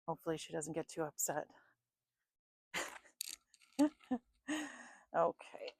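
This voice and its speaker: A woman doing an intuitive psychic reading at home, calmly listing names and places she picks up, thinking aloud and a bit sleepy. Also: low-pitched, takes it slowly, creaky, long pauses, a little hiss or hum, poor audio. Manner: calm, repetitive, thinking aloud. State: sleepy, yawning. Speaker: psychic reader.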